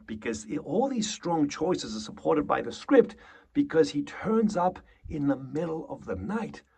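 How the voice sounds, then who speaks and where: Husky, animated male acting coach. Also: fairly high pitch, measured pace. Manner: animated, acts out short example lines, swears freely. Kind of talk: acting lesson to camera.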